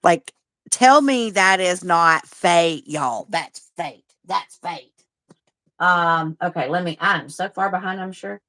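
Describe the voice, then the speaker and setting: A woman's voice: lowish voice, slow, fairly bright tone, dry recording. A woman, chatting casually and rambling as she hosts a livestream and answers viewer comments. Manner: rambling and chatty, with frequent restarts and a drawl. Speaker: livestream host.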